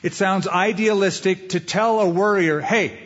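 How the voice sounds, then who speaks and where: A man's voice: on the high side, animated, moderate pace, a bit bright, slightly rough. A male pastor preaching a sermon in a conversational way, often putting questions to the listeners. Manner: conversational, asks the audience questions. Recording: dull lo-fi sound.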